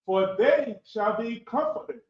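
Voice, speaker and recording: A student reading scripture verses aloud in a class, flatly, repeating lines on request. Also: mid-range voice, takes it slowly. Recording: distant, roomy, muffled room recording.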